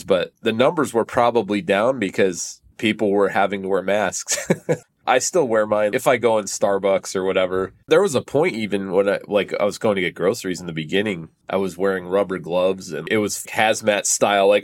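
Guest, male, easygoing talker, slightly low voice, casual podcast chat. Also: normal speed. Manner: laid-back, chatty, laughs often. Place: on a train.

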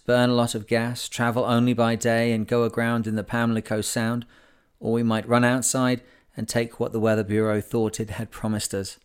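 A man reading a classic sailing memoir aloud as an audiobook, in a measured, unhurried manner. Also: medium pitch, smooth. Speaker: audiobook narrator.

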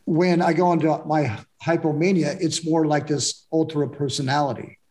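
A man speaking reflectively in a candid, casual conversation, often pausing and restarting. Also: fairly high pitch, steady tone, a little mellow.

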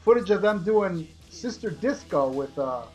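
A man with a notably high speaking voice hosts a loose, chatty music podcast. He wanders from tangent to tangent, swears freely, and ribs his co-hosts. Faint music sits behind him. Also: animated, normal speed, a little mellow, low-quality recording. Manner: rambling, profane, joking. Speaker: podcast host. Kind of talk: casual music review chat.

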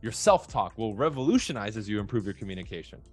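A man talking bluntly and profanely in a casual podcast chat, telling stories with animated quoted voices. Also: fairly low pitch, fast, breathy edge, faint music behind.

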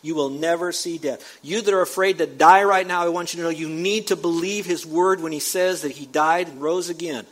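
A male pastor with a fairly high voice delivers a sermon. His delivery is emphatic, punching key words loudly and then falling to low asides. He stops his scripture reading to comment on it. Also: a little fast, hardly any pauses. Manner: reads scripture aloud and breaks in with comments.

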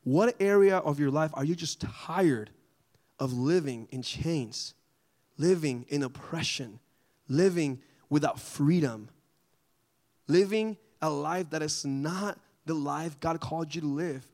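A man leading a group Bible study in a casual, animated way, often asking the group questions. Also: fairly high pitch, takes it slowly.

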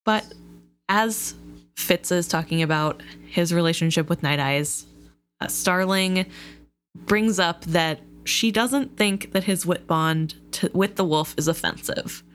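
Low-voiced woman discussing a book. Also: slow pace, slight background noise. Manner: thoughtful, analytical, laughs now and then. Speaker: book podcast co-host.

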